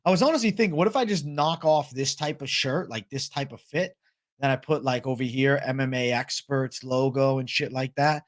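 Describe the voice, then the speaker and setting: A man's voice: medium pitch, moderate pace, dry recording, clean studio sound. Laid-back young man chatting live. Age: young adult. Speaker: host. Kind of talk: casual live-stream chat reading comments.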